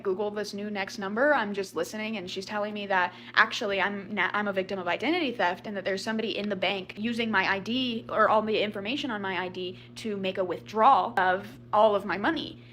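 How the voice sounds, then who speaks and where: A woman's voice: mid-range voice, steady tone, quick pace, hardly any pauses, fairly bright tone, a little hiss or hum. A young woman telling her story in an emotional confessional video, anxious and self-blaming, near tears and rambling. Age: young adult. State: tearful, near crying. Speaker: social media poster telling her story.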